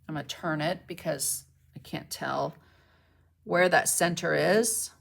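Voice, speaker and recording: A woman's voice: medium pitch, fairly bright tone. A woman teaching a painting demonstration on a live stream. She chats to viewers as she works and keeps checking in with them. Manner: chatty, talks to viewers while painting, checks in with "okay?"; greets and thanks commenters mid-demo. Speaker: mixed media art instructor.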